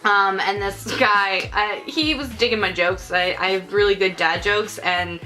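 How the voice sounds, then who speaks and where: A woman's voice: mid-range voice, fairly even intonation, unhurried, sharp tone. A woman co-hosting a casual chat, telling stories in a wry, joking way. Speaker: podcast co-host.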